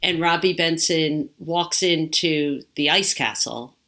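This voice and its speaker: A woman with a bright, clear tone co-hosts a podcast in casual chat. She rambles through her thoughts, scattering "like" fillers as she goes. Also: low-pitched, slow. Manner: chatty, rambling with many "like" fillers. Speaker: podcast co-host.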